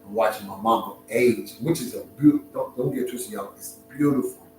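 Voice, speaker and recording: A middle-aged man opens up in an emotional, reflective personal story, halting and restarting as he searches for words. His voice sounds distant from the mic and rings around a very echoey room, with clear music playing behind him. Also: lowish voice, a little mellow.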